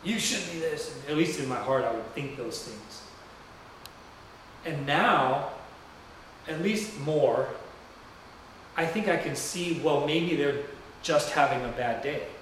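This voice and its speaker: A man's voice: mid-range voice, animated, slow, long pauses, fairly bright tone, a little hiss or hum. A man preaching a sermon in a church, telling a story in a loose, conversational and rambling way. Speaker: pastor. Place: church sanctuary. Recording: very echoey room heard from a distance.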